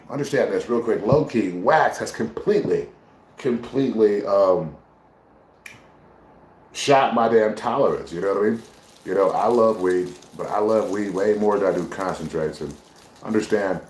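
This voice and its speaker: A man's voice: low-pitched, darkish tone, slight background noise. A man chatting casually on a live stream, brash, profane and rambling as he talks to his viewers. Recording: roomy echo.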